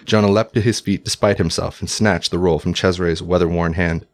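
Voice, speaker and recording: A male narrator reading a historical tale aloud. His voice is low and deep, and his delivery is measured and formal. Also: steady tone. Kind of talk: audiobook narration.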